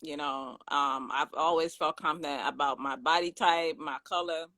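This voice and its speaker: Host, lively and enthusiastic, mid pitch, dry recording. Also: normal speed, no room sound. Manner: lively and enthusiastic, laughs often. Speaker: talk show host. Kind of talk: casual discussion.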